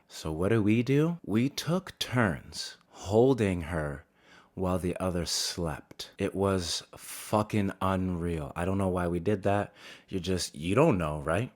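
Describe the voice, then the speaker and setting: A man's voice: deep voice, unhurried. A man in his thirties doing a stand-up monologue, telling his stories in a profane, exasperated way. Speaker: stand-up comedian.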